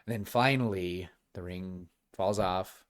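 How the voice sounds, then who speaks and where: A man's voice: deep voice, measured pace. A young man co-hosting a podcast, chatting casually and eagerly, with lots of restarts and fillers. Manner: enthusiastic, rambling with many restarts and fillers. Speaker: podcast co-host. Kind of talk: casual chat.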